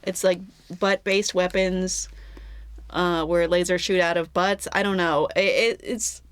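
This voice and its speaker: A woman's voice: fairly low pitch, fairly even intonation, unhurried, clear, resonant tone. A woman co-hosting a podcast, chatting casually about a movie in a teasing, dry manner. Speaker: podcast co-host.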